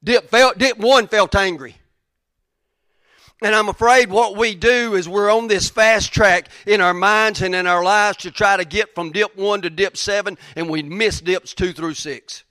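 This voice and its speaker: Folksy preacher, high bright voice. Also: male voice, steady tone, unhurried, no echo, studio quality. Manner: folksy, conversational, acts out characters' lines. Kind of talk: informal sermon storytelling.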